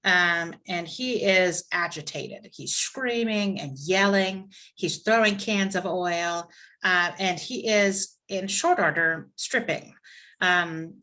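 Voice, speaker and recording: Bright-voiced woman teaching an online class. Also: fairly low pitch, slow pace. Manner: conversational, lively storytelling with asides. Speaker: class instructor.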